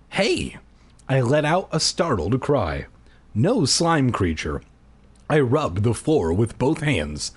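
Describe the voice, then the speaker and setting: A man hosting a read-aloud podcast, narrating with a husky, slightly breathy voice. His pitch leaps up and down as he plays up the drama. He keeps breaking off into crude throwaway jokes. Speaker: podcast host reading a children's horror book aloud. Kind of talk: comedic read-aloud with jokey asides.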